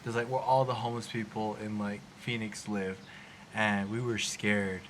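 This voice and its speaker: A man's voice: lowish voice, moderate pace. A young man from Arizona, hosting a podcast and telling a story casually, acting out the voices of the people in it. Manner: animated storyteller, acts out quoted voices. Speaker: podcast host. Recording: faint background noise.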